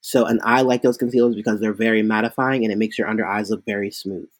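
A man who performs as a drag queen, telling chatty, animated stories in a casual interview, with lots of fillers. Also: lowish voice, quick pace, no echo.

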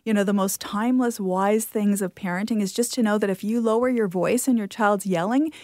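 A woman's voice: medium pitch, a little fast, no echo. Casting: woman, parenting expert guest, reassuring and chatty, dry close sound. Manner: warm, reassuring, chatty with light laughs. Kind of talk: interview answers.

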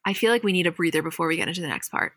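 A woman hosting a podcast, recapping a show with animated, dramatic storytelling. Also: fairly low pitch, racing, dry recording, studio quality. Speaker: podcast host. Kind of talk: casual recap chat.

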